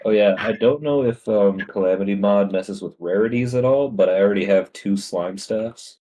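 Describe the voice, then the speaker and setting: A young man co-hosting a casual gaming podcast, playful and jokey, sometimes bursting into loud mock voices. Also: fairly low pitch, normal speed. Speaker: podcast co-host. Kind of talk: casual chat while gaming.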